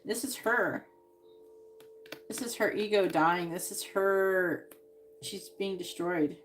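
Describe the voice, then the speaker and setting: A woman psychic giving tarot readings on a live stream, speaking in short, emphatic statements. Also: on the low side. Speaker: psychic reader.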